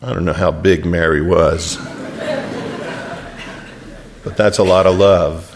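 A man preaching a sermon and retelling a scripture story, dropping to a hush and then rising to emphatic peaks. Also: sits low, fairly even intonation, slow, a crowd in the background, background noise. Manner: storytelling, wide swings from hushed to emphatic.

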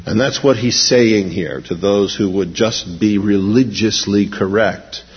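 A male pastor delivers an animated sermon, his voice lifting when he quotes scripture. His voice sits low with a husky edge. The recording is dull and lo-fi, with long reverb from a large church sanctuary. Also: unhurried. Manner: animated preaching, raises voice when quoting.

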